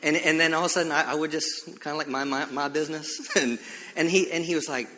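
Bright-voiced male pastor preaching in a hall. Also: a little high, quick pace. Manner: animated, emphatic, frequent restarts. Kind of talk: sermon with storytelling. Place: church sanctuary. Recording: reverberant church hall.

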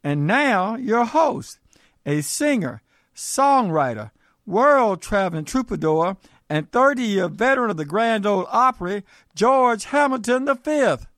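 Dramatic high male announcer. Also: sing-song, unhurried, fairly bright tone, no echo, studio quality. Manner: dramatic build-up. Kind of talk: radio show introduction.

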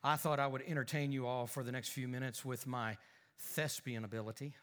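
A man preaching a church lesson in a relaxed, joking way with hesitant restarts. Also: mid-range voice, a little fast. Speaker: preacher teaching a lesson series. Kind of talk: sermon.

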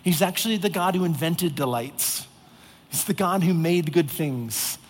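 A man's voice: fairly high pitch, animated, measured pace. A man preaching a sermon, earnest, with heavy repetition for emphasis. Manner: earnest, repetitive emphasis, acts out exasperated voices. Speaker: pastor. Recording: long reverb of a large hall.

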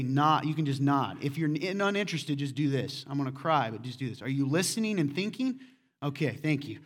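A man preaching a sermon as pastor, conversational and full of questions to the congregation, swinging between loud emphatic points and quiet asides. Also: on the high side.

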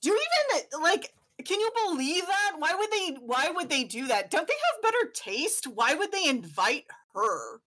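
A woman's voice: high-pitched, big pitch swings, normal speed, few pauses, bright, forceful tone, pitched above the performer's own voice, exaggerated voice. A woman voicing a fussy, snobbish middle-aged dad who rants in disbelief. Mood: incredulous rant. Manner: ranting, incredulous, whiny.

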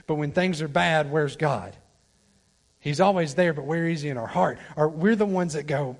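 A man preaching a sermon as a guest preacher. He talks straight to the congregation, swinging from loud pleading down to quiet, low asides. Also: normal speed. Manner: talks directly to the congregation, asks for responses. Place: church sanctuary.

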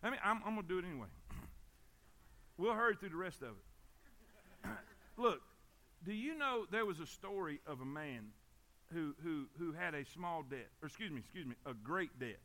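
A man's voice: on the high side, big pitch swings, moderate pace, long pauses, sharp tone. A man preaching a sermon, emphatic and repetitive, often calling out for amens. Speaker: pastor.

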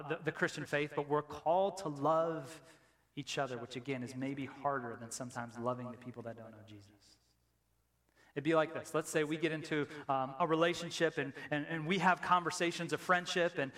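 A middle-aged male pastor with a fairly high-pitched voice preaches a conversational sermon in a church. He talks casually, repeats phrases, and pushes toward emphatic peaks. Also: fairly bright tone. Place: church sanctuary.

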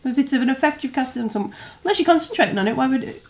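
A woman acting as game master of a tabletop game, calling rolls and damage with quick fillers. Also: high-pitched, expressive, a little hiss or hum. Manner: brisk rules calls with fillers.

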